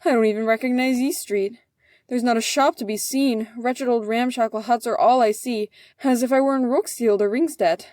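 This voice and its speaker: A woman voicing a fussy, indignant older male official who complains loudly. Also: on the high side, steady tone, normal speed, no echo, studio quality, natural voice. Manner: huffy and complaining.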